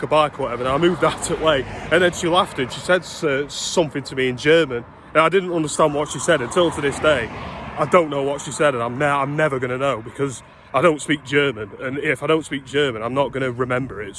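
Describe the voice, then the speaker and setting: A young British man in his twenties rants on the street for his vlog, swearing through exasperated stories as he walks. His pitch is fairly high, and there's background noise around him.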